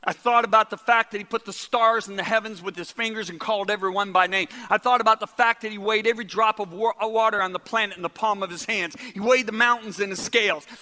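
A man preaching a sermon and telling a story, animated, often repeating words and dropping to a hushed voice. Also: high-pitched, quick pace, few pauses, big-room sound.

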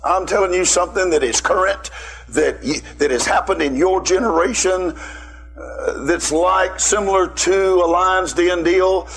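High, gravelly preacher man. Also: a bit bright. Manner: emphatic, calls out to listeners. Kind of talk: sermon with personal story.

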